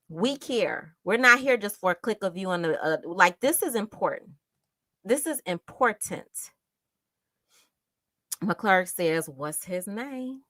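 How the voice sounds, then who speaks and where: A woman hosting a casual live stream, reading viewer comments aloud and speaking with emphatic, impassioned repetition, sometimes sinking to a hushed near-whisper. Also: medium pitch, dry recording, clean studio sound. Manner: impassioned and emphatic, repeats phrases for stress; drops to a hushed near-whisper when moved. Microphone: home desktop setup with monitor.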